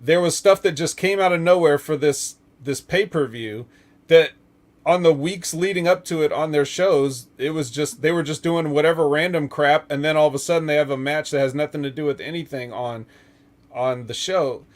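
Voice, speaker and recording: A fairly high-voiced man hosting a loose wrestling podcast. He rambles through his opinions, laughs often and swears without a second thought. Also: moderate pace. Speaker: podcast host. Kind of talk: casual wrestling talk show chat.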